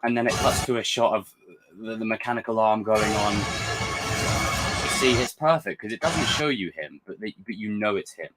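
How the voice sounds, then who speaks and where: A man hosting a reaction video, talking in an excitable, rambling way with frequent restarts and swearing. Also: lowish voice, moderate pace, loud music behind the voice. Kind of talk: casual reaction commentary.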